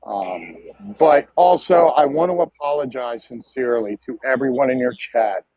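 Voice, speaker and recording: Husky guy on a livestream, emphatic, lots of uhs, muffled dry audio. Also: mid-range voice, normal speed, darkish tone, no room sound. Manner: emphatic, full of filler uhs. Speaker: livestream guest. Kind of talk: casual livestream chat.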